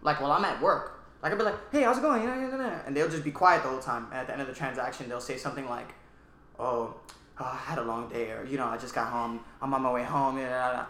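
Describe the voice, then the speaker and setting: A man co-hosts a casual podcast, talking quickly and animatedly. His voice is bright and a little high, and he acts out quotes as he tells a story. The room around him echoes. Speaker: podcast co-host. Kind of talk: casual chat.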